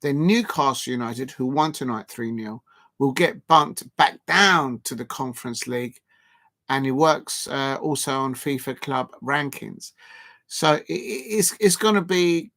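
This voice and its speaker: A man chatting about football on his live stream in a mid-pitched voice. He talks in an emphatic, rambling way, often restarting his sentences and repeating points. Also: unhurried, fairly bright tone.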